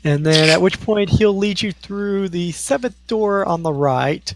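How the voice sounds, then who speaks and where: A man's voice: high voice, measured pace, creaky, noisy background. A man narrating a tabletop game as game master in an easygoing, descriptive way.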